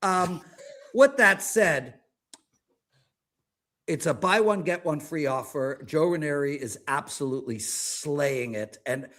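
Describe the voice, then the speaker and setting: A man in his fifties, a sports betting handicapper talking in an animated, ranting, exaggerated way during a casual chat. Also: on the high side, takes it slowly. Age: 50s.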